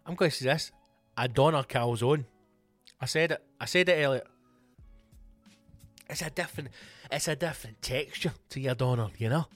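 A man's voice: mid-range voice, normal speed, pauses often, fairly bright tone, no room sound, soft background music. A Scottish man hosting his own comedy podcast, answering listener questions in a casual monologue with sweary, mock-grand flourishes and teasing the listeners by name. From Scotland.

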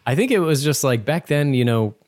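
A man's voice: mid-range voice, animated, fairly quick, darkish tone, no echo, clean studio sound. A man co-hosting a podcast in casual chat, rambling loosely and laughing often. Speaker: podcast co-host.

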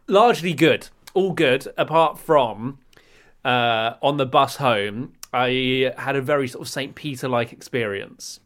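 A man's voice: medium pitch, measured pace. An English man co-hosting a podcast in casual chat, telling stories in a rambling, self-mocking way. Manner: rambling storyteller, self-mocking, bursts into loud repeated lines. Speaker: podcast co-host.

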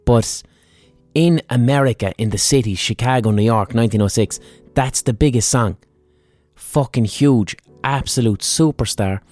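A man's voice: medium pitch, normal speed, darkish tone, no room sound, soft background music. A man hosting a history podcast, telling it in a chatty, digressive way with plenty of swearing. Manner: chatty, profane, digressive storytelling. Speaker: podcast host. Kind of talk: casual history podcast monologue.

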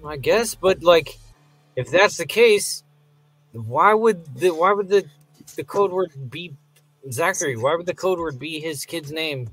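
A man's voice: on the high side, husky, soft background music. A man co-hosting a podcast, casually chatting about a TV episode, asking questions about the plot and laughing easily. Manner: animated and questioning, quick to laugh. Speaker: podcast co-host. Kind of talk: casual chat recapping a TV episode.

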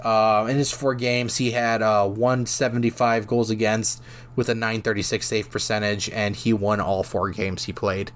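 A man's voice: lowish voice, level tone, normal speed. A man hosting a solo hockey podcast, talking casually with lots of fillers and restarts while he has the hiccups. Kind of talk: solo sports podcast talk.

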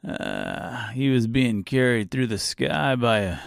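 A man's voice: mid-range voice, big pitch swings, slow, vocal fry, dry recording, clean studio sound, exaggerated voice. A man voicing a sly, bitter male tin man who mocks, swears and laughs to himself, in an audiobook reading. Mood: gleeful. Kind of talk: audiobook character voice.

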